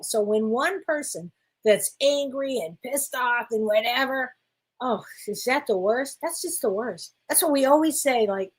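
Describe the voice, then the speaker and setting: A woman's voice: high voice, measured pace, slightly rough, poor audio. Chatty, effusive woman medium. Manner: chatty, effusive, reads viewer comments aloud. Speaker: spiritual medium hosting a live Q&A. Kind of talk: casual livestream card readings.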